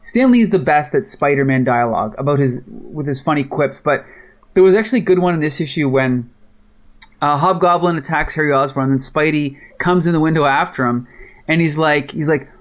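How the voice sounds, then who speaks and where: A man's voice: a little high, fairly quick. A man hosting a casual comic book podcast, chatty, laughing often and acting out quoted dialogue. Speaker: podcast host.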